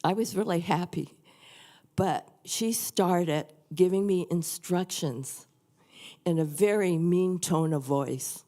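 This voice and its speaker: An older woman shares a personal testimony before a church congregation. She speaks slowly in a low, mellow voice that is earnest and softly confiding. Her unhurried delivery suits the quiet setting. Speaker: church member sharing a testimony. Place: church sanctuary.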